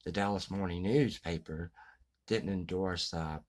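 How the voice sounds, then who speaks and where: A man giving a casual book review, halting with many fillers and restarts. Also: sits low, darkish tone, poor audio. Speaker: book vlogger.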